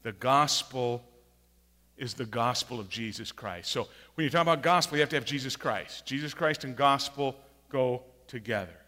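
A man preaching a sermon with emphatic, repeated phrases, swinging from quiet to loud. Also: medium pitch, moderate pace. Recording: long hall reverb.

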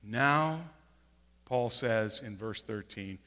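A man preaching a sermon with emphatic, repeated phrases, swinging from quiet to loud. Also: medium pitch, takes it slowly. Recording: long hall reverb.

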